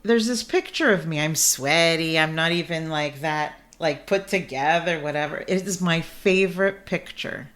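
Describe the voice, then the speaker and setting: Chatty low-voiced woman host. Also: normal speed, few pauses, fairly bright tone. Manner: chatty and effusive, laughs easily. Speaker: podcast host. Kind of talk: casual interview. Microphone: video call.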